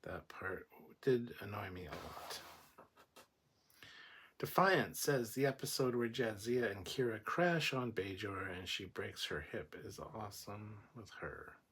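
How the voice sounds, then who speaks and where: A man's voice: lowish voice, expressive, measured pace, fairly bright tone, a little hiss or hum. A man hosting a casual livestream, reading chat comments aloud and giving blunt, opinionated replies with plenty of swearing.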